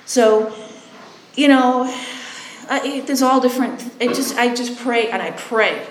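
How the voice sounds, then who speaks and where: A woman's voice: on the high side, a little slow, roomy sound, slight background noise, poor audio. A woman speaking candidly about sponsoring people in recovery, blunt and a bit sarcastic, acting out both sides of conversations. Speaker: recovery sponsor and halfway house worker. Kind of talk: candid personal testimony.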